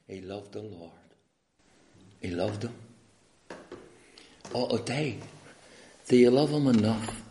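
A man with a Northern Irish accent preaching an evangelistic sermon full of stories, swinging from hushed words to loud, pleading questions. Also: medium pitch, lively intonation, a little slow, long pauses, echoey room.

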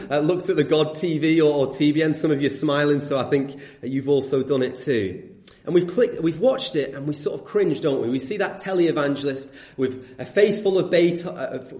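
A man's voice: on the high side, darkish tone. Earnest man preaching. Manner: earnest, emphatic, rhetorical questions. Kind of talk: sermon. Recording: echoey room.

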